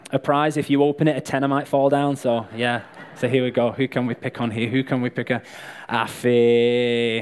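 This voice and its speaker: This man's mid-range voice is a little mellow, clear and resonant. He preaches a sermon in a chatty, joking manner, speaking directly to the people in front of him and calling volunteers up to help with live props.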